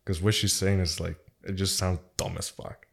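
Toronto dude on a podcast, kinda low voice, chill, swears a ton, laughs a lot. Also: male voice, little pitch movement, normal speed, gravelly, a bit bright. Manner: laid-back, swears a lot, laughs often. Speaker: podcast co-host. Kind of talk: casual chat.

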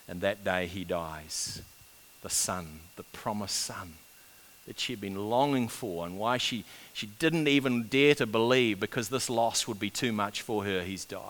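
A man preaching a sermon, swinging between loud urgent build-ups and hushed, quiet passages. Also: fairly low pitch. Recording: long reverb of a large hall.

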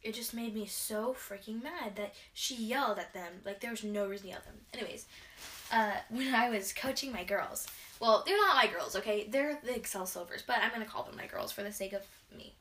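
A woman's voice: medium pitch, brisk, fairly bright tone, slight background noise. A teenage girl ranting casually into her camera from her bedroom, rambling and exasperated, sighing often and restarting her sentences. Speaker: vlogger and gymnast.

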